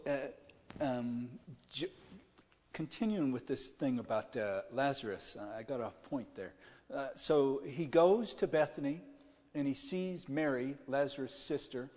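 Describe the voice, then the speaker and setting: A man preaches at a mid pitch, speaking to his congregation as if chatting and pausing to ask whether they are following along. His voice rings out with a long reverb, as in a large church hall. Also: darkish tone. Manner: checks in with listeners, plain-spoken retelling. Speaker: pastor. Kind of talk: conversational sermon.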